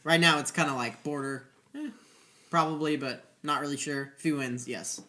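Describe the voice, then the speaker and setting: Sharp-toned man with a higher voice. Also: moderate pace. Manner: short, agreeable remarks. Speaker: podcast co-host. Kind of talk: casual sports chat.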